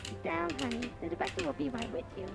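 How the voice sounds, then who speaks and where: A woman voicing a soothing female nurse in a video game, who coaxes softly and calls the listener honey. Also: high voice, animated, fast, gravelly, music in the background, full character voice. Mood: coaxing.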